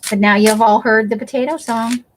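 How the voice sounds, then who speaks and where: Her voice on the high side and steady in tone, a woman streamer keeps a brisk pace in easygoing livestream chat. She teases viewers by name and makes self-deprecating jokes over slight background noise.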